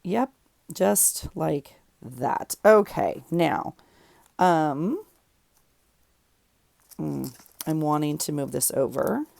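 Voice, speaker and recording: A woman with a low, heavily gravelly voice talks casually while crafting, thinking aloud and rambling as she goes. She sounds close and dry, recorded in her home craft room. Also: sing-song, very slow, long pauses, darkish tone, dry recording. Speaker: journaling vlogger.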